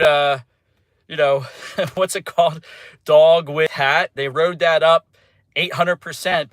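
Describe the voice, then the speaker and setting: A man's voice: a little high, fairly bright tone, no room sound. A man hosting a crypto channel, ranting in mock panic, then earnestly calling the drop a buying chance. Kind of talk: sarcastic rant to camera.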